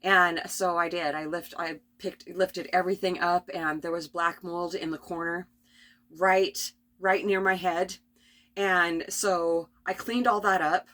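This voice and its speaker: A middle-aged woman with a slightly low voice talks in a rambling, spontaneous vlog from her RV. She is tired and has a cough, restarts her phrases often, and laughs softly now and then. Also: fairly even intonation, measured pace. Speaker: vlogger. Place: at home in an RV.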